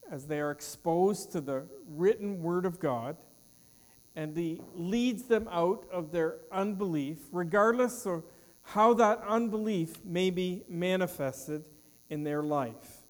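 A man's voice: high voice, takes it slowly, long reverb tail. A man preaching a sermon as pastor, with an emphatic cadence that trails off at the ends of phrases. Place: church.

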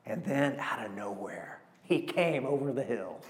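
A man, preaching a sermon and telling stories with animated, emotional delivery. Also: mid-range voice, unhurried. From Arkansas, USA. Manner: animated storytelling preacher, emotional, calls to the congregation. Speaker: pastor.

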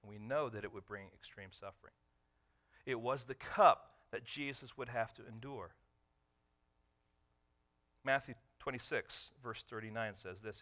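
In a medium-pitched voice, a man delivers a sermon as a pastor, asking questions of his listeners and coming back to key lines repeatedly. He moves between loud emphasis and quiet, drawn-out phrasing.

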